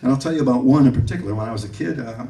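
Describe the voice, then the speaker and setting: A man giving a music clinic to a live audience, an animated storyteller who acts out the people he quotes. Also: medium pitch, very fast, gravelly. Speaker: bass clinician. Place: room with an audience. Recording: roomy audio from a distant mic.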